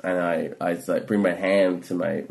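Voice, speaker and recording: A male comedian telling a long story in casual talk, rambling with many fillers and swinging from hushed to loud. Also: low-pitched, level tone, normal speed, gravelly, background noise. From Australia.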